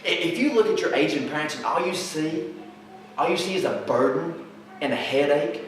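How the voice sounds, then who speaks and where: A man's voice: on the high side, expressive, moderate pace, slight background noise. A man preaching a sermon, emphatic and fond of repeating rhetorical questions. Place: church sanctuary. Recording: very echoey hall, mic far off.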